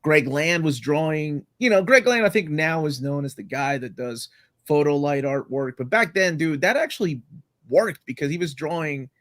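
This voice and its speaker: A Latin American man hosts a casual comic-book podcast over video call, rambling enthusiastically with plenty of fillers. His voice is a little high and fairly bright, at a moderate pace with no room sound.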